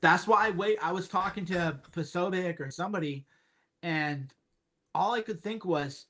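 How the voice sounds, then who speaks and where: A man's voice: sits high, moderate pace, fairly bright tone. A man as a podcast guest, talking emphatically in casual chat, repeating points with sardonic asides.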